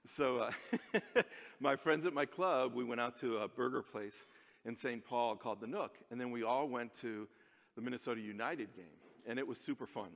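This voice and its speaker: A man's voice: medium pitch, moderate pace, gravelly, a bit bright. An American man giving a chatty, self-deprecating conference speech from a stage, laughing often. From United States. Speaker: conference speaker. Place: large conference hall. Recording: long reverb of a large hall.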